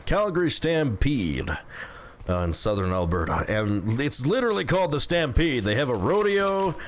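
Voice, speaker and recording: A man's voice: medium pitch, big pitch swings. A man streaming a game, chatting casually and jokingly with his viewers. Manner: playful, joking, quick laughs. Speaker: gaming streamer. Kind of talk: casual gameplay chat with viewers. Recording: noisy game stream audio.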